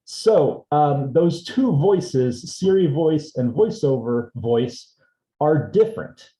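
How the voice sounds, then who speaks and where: A man leads an instructional demonstration at a seminar and talks through each step in an easygoing way. His voice is mellow and warm, with a roomy echo around it from an indoor room. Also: a little high, takes it slowly. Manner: relaxed, explains step by step. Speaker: assistive technology instructor.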